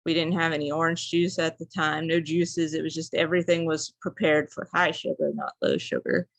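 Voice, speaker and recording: A woman's voice: sits low, animated, normal speed, vocal fry, no room sound. A young woman, a student, telling a personal story as a class speech in a rambling, casual way with many fillers. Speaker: student speaker.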